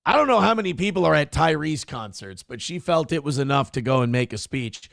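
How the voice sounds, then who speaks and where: A man's voice: fairly high pitch, animated, a little fast, vocal fry, a bit bright, dry recording, clean studio sound. Crude, sarcastic male show host. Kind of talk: casual live-stream commentary.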